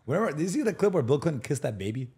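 A young man in his twenties talks quickly in a husky voice. He is a podcast guest who keeps joking and teasing through loose, casual chat. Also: on the high side, very animated, darkish tone. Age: 20s. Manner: playful, teasing, quick to joke.

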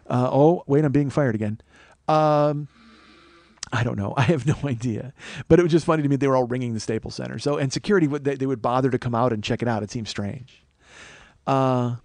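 A man in his forties telling a profane, animated story as a podcast host. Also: mid-range voice, no echo. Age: 40s. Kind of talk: storytelling monologue.

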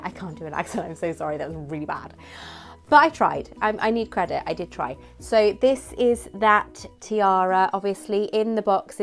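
A young woman chatting casually and gushing as she reviews a replica tiara, giggly and animated. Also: on the low side. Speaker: vlogger reviewing a prop replica. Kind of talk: casual product review chat.

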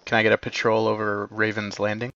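A man commanding his team in an online game, giving brisk, polite tactical callouts and quick corrections. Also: on the low side, completely flat delivery, creaky, fairly bright tone, no room sound. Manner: brisk, polite, slightly apologetic. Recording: dull lo-fi mic capture.

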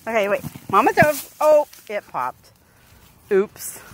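A woman's voice: fairly high pitch, big pitch swings, takes it slowly. A woman by an outdoor pool, filming and coaxing her dog with laughter, recorded on a handheld phone. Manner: coaxing, laughing, sing-song. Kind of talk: casual chat with her dog.

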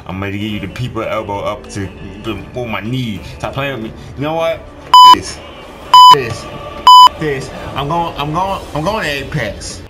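A man's voice: mid-range voice, brisk, loud music behind the voice. A man streaming a game, exasperated and swearing as he pleads with the game to start. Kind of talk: frustrated livestream gaming talk.

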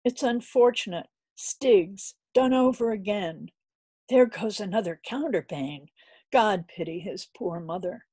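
A woman voicing a brisk, bossy older landlady who scolds and fusses over her premises. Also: mid-range voice, expressive, warm tone, husky, no echo. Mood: scolding. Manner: scolding, bustling, indignant.

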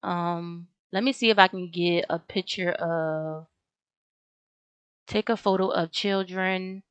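A woman's voice: on the low side, steady tone, slow, clean tone, dry recording, lo-fi sound. A young woman casually commenting on her game as she plays, chatty and slangy, often talking straight to her viewers. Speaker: gaming video host.

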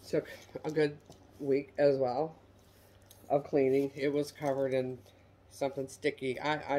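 A middle-aged woman from the United States chatting casually as she shows handbags for sale, folksy and self-deprecating. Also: sits low. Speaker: online reseller showing handbags. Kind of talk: casual product show-and-tell.

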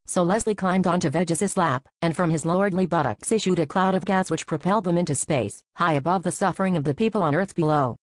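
Low-ish woman's voice, deadpan story narration, dry close sound. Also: fast talker, hardly any pauses, no room sound, low-quality recording. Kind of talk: scripted narration.

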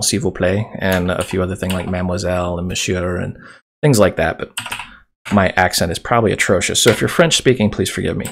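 Gravelly low-voiced man teaching code. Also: a little hiss or hum. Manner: casual, chatty explaining while typing. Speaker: programming tutorial host. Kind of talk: screen-recorded coding tutorial. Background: keyboard typing and mouse clicks.

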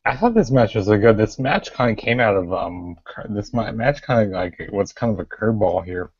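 Low-voiced, hesitant podcast co-host. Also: male voice, animated, fairly quick, a little mellow, slightly rough, dry recording, lo-fi sound. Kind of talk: casual podcast chat.

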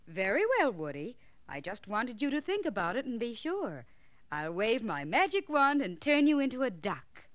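A woman's voice: on the high side, sing-song, moderate pace, no echo. A woman voicing a kind, patient fairy godmother who chants her spells in a sing-song way, on a vintage children's storybook record. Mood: gentle.

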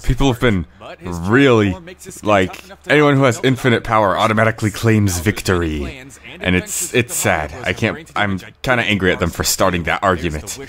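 A man giving rambling casual commentary on his own video, clearing his throat with a cold. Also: lowish voice, normal speed, a bit bright. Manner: rambling, frequent fillers and restarts. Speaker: creator giving episode commentary.

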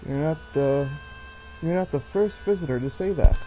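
A woman's voice: low voice, normal speed, mellow, close to an everyday voice. A young woman voicing a friendly pony from a game, reading its dialogue aloud in a lo-fi recording. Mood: chatty. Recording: dull lo-fi recording with faint music.

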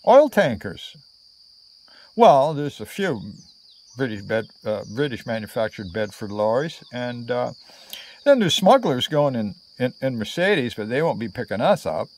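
A man's voice: medium pitch, very animated, unhurried, darkish tone. A man voicing a delicate, well-mannered young English woman traveler who speaks in a prim, diplomatic way.

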